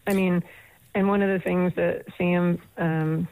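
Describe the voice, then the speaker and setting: A woman's voice: lowish voice, little pitch movement, unhurried, a little mellow. A middle-aged American woman from Boston, a guest chatting in a radio interview and laughing often. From United States (Boston). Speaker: guest, management professor. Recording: thin phone-line sound.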